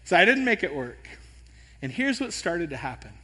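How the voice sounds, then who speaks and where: A man pastor preaching a sermon, telling an animated, self-deprecating story. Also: fairly high pitch, moderate pace, breathy edge. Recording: long hall reverb.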